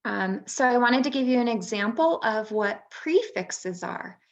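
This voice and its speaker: A woman's voice: on the high side, animated, a little slow, highs cut off. A woman, a former third grade teacher, explaining reading skills to parents in a patient presentation with frequent ums. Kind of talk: instructional webinar presentation.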